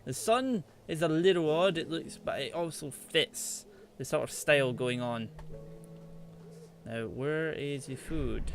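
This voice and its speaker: A man's voice: a little high, a little slow, vocal fry, soft background music. A man giving chatty, playful let's play commentary, teasing the animals in the game as he plays. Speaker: gaming channel host.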